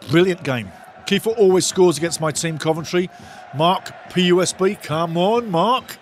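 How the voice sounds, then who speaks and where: A man hosts a live football watch-along, commentating with excitement, shouting at big moments, and reading viewer comments aloud while frequently repeating his phrases. He speaks at normal speed in a high-pitched voice, with slight background noise.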